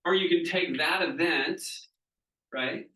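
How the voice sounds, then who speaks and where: A man's voice: fairly high pitch, slow, sharp tone. A man from Southeast Florida who teaches a training group and acts out the people in his stories, often asking "right?". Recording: echoey room, mic at a distance.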